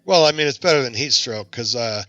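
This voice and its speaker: A man hosting a podcast, telling a self-deprecating story in a lively, casual way. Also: mid-range voice, fairly quick, dry recording, lo-fi sound, faint music behind. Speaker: podcast host.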